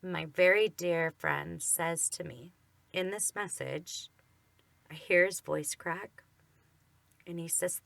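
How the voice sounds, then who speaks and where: A woman's voice: fairly low pitch, steady tone, takes it slowly, creaky, long pauses, fairly bright tone, dry recording. A woman co-hosting a faith podcast, telling a personal story in an earnest, emphatic way. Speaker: podcast co-host.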